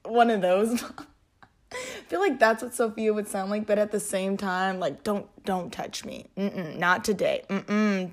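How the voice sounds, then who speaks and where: A woman hosts a casual solo podcast from her home. She rambles in a chatty way, full of fillers and restarts, and is clearly amused by her own jokes. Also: mid-range voice. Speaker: podcast host. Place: at home, alone.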